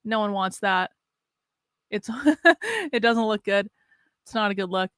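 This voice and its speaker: Woman streamer chatting, bright clean voice, dry close sound, kinda sad but steady. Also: mid-range voice, unhurried, clean tone, no echo. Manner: candid, sad but steady, talks in restarts and repeats. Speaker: host. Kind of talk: casual livestream chat.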